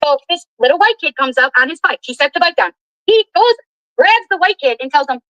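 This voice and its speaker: A woman's voice: high voice, animated, brisk, fairly bright tone, no echo, lo-fi sound. A woman ranting indignantly and with heavy profanity on a livestream while driving her car.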